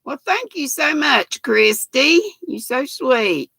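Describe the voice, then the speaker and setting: Southern woman in her sixties, livestream host: gravelly, bright-toned voice, folksy and chatty. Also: high voice, lively intonation, takes it slowly, no room sound. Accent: Southern American. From North Carolina, US. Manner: folksy and chatty, greets viewers by name. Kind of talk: casual live chat, reading viewer comments aloud.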